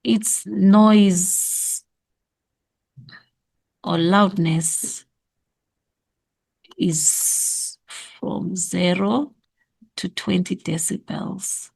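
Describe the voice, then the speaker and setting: A woman with a South African accent takes a class through an exam memo. She speaks slowly, and her voice has a gravelly, creaky edge. She thinks aloud and repeats her answers. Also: medium pitch, steady tone, a little mellow. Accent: South African English. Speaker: teacher going over exam memo. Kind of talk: exam revision lesson.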